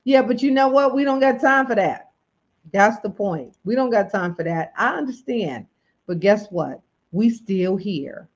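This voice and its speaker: A woman's voice: mid-range voice, animated, unhurried, dull audio. A woman hosting a livestream, chatting casually and encouraging viewers, often repeating phrases. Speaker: livestream host and coach. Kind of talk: casual motivational livestream chat.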